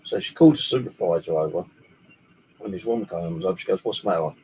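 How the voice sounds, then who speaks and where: A man's voice: low voice, animated, fast talker, mellow, slight background noise, rough recording. A man from the UK, telling a long story in a casual, rambling way and swearing freely, speaking alone in his bedroom. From United Kingdom. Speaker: paranormal channel host.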